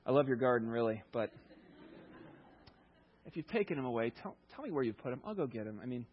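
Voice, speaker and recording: A man doing Mary, a grieving woman, in a wry, colloquial way and in his own low, husky voice. It sounds like a dull, lo-fi recording. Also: big pitch swings, fast talker. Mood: exasperated.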